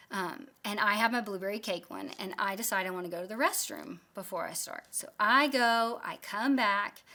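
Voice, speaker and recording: A woman's voice: mid-range voice, bright, forceful tone. A woman in her thirties teaching a Bible study, telling a candid, self-deprecating story from family life.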